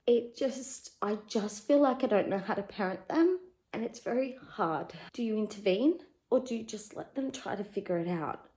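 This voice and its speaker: A woman in her thirties with an Australian accent, a working mum giving a candid, chatty life update from her home that turns quieter and more emotional when she talks about parenting. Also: medium pitch, poor audio. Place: at home, in her living room.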